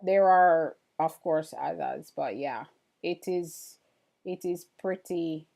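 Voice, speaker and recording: A woman's voice: sits low, slow, gravelly. A middle-aged woman hosting a live stream, chatting casually and answering viewer comments as they come in. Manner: relaxed, chatty, addresses viewers directly. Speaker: livestream host. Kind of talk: casual livestream chat, reading viewer comments.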